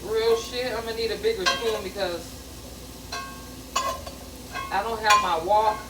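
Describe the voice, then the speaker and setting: A middle-aged woman talks her way through a home cooking session, folksy and blunt, wandering off into family stories. Her voice rings around a bare kitchen and sits well back from the mic. Frying food sizzles loudly under her words. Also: medium pitch, steady tone, measured pace, very noisy. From American South. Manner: chatty, earthy and profane, with folksy grammar and storytelling tangents. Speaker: home cook vlogger. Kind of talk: casual cooking vlog chat. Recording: echoey kitchen, mic at a distance, sizzling pan.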